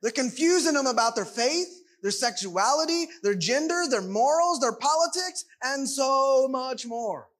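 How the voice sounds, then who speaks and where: A man's voice: very high-pitched, lively intonation, measured pace, hardly any pauses, fairly bright tone. A man preaching a sermon, emphatic and full of rhetorical questions.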